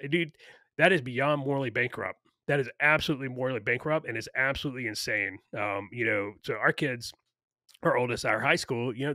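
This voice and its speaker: A man's voice: medium pitch, bright, forceful tone, dry recording, clean studio sound. A man co-hosting a podcast in casual, opinionated chat, ranting with lots of fillers and profanity. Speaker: podcast co-host.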